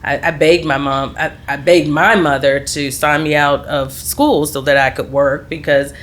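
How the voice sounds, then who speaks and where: A woman's voice: low-pitched, steady tone, moderate pace. A middle-aged woman, a podcast guest, telling her life story in candid conversation and laughing easily. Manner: laughs readily, trails off and restarts.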